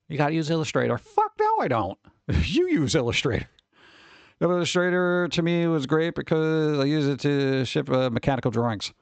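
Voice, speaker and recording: A streamer hosts his stream with casual, rambling chat, some swearing and a few chuckles. His voice is a little high, and there's no echo.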